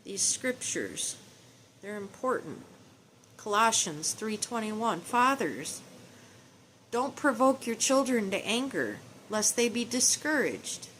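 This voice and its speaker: A woman's voice: fairly high pitch, sing-song, slow, a bit bright, a little hiss or hum. A middle-aged woman speaking tenderly and pleadingly in a personal video message to her estranged children, quoting scripture at times. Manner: preachy, quotes scripture.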